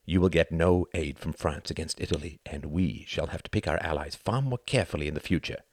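A man's voice: extremely low pitch, brisk, no echo, studio quality, pitched below the performer's own voice. A man voicing a resentful French minister who mutters, in an audiobook reading. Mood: bitter.

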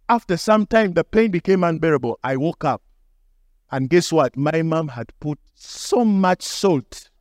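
A man's voice: dry recording, clean studio sound. A young adult male pastor, telling a story in a sermon and acting out the voices in it. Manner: animated, acts out dialogue with shifting pitch.

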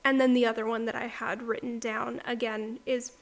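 A woman's voice: a little high, flat delivery, moderate pace. A woman co-hosting a casual book club podcast, talking in a chatty, rambling way and often saying "like". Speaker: podcast co-host.

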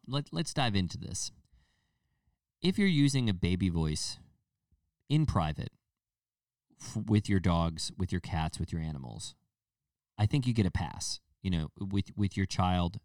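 A man's voice: deep voice, a little mellow, no room sound, studio quality, far from the mic. A man hosting a casual solo podcast, rambling with restarts and fillers and now and then mocking people in a put-on baby voice. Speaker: podcast host.

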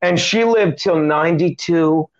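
A middle-aged male comedian, his voice fairly high, rambles through a comic story while being interviewed. He's animated and quick with jokes, hopping between asides and acted quotes, and the audio is dull and lo-fi.

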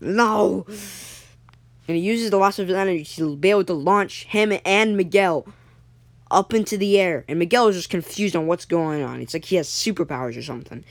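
A young storyteller improvising a story episode, halting, with frequent restarts and self-corrections. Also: mid-range voice, dry recording.

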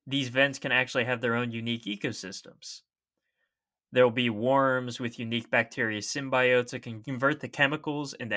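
With a mid-range voice that's bright and forceful, a young podcast co-host chats casually about science, laying out facts in a relaxed way.

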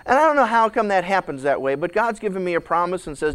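Male pastor, high voice, preaching with big dramatic swings from hush to shout, stammering restarts. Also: big pitch swings, quick pace, clean tone. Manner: repeats words when starting sentences. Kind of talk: sermon.

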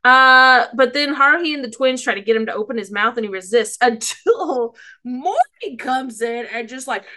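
A woman's voice: high-pitched, lively intonation, moderate pace, pushed and bright. A woman casually recapping an episode, rambling and giggly, often losing her place. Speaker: podcast co-host.

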